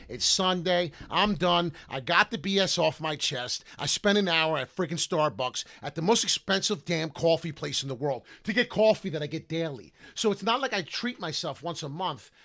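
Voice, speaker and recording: A man hosting his own crypto channel, ranting loudly with heated swings between shouting and quieter apology. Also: high voice, creaky. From Italian heritage. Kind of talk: ranting vlog.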